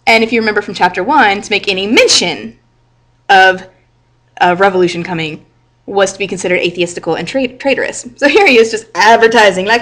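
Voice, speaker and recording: A woman's voice: mid-range voice, moderate pace, fairly bright tone. Chatty woman teaching a novel. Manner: chatty, explains with "like" and "right?". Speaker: high school English teacher. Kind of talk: literature lecture with reading aloud.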